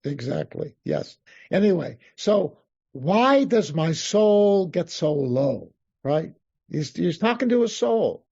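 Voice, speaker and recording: A man, a rabbi, teaching an interactive Psalms class, reading Hebrew verses slowly and then explaining them while thinking aloud. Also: a little high, expressive, creaky, warm tone, breathy edge. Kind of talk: interactive text study class. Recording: dull lo-fi class recording.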